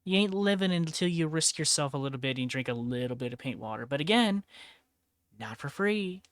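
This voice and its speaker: A woman's voice: sits low, expressive, a little fast, dry recording. A woman streaming in casual chat while painting miniatures, laid-back, laughing often and swearing freely. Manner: laid-back, giggly and profane.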